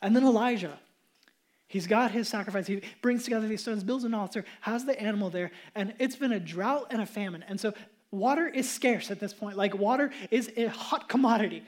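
Animated male pastor preaching. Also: high-pitched, fairly quick. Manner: animated storytelling, conversational. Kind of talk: sermon.

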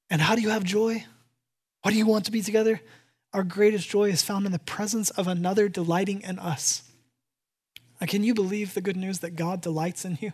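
Animated, emphatic preacher. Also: medium pitch, normal speed, breathy edge. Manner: animated and emphatic, swinging from loud to hushed; repeats key phrases for effect. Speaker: pastor. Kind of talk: sermon.

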